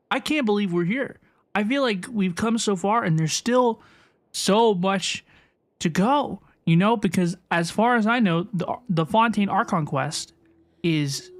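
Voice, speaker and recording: A live streamer chatting casually and excitedly with viewers, greeting each by name with a repeated catchphrase. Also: mid-range voice. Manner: upbeat, excitable, repeats "hello, please" to greet chat.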